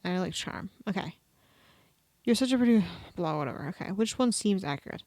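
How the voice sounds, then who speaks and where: A woman's voice: mid-range voice, expressive, fairly quick, darkish tone, no room sound. A woman streamer reading online quizzes aloud in a casual, sarcastic way, swearing offhandedly as she goes.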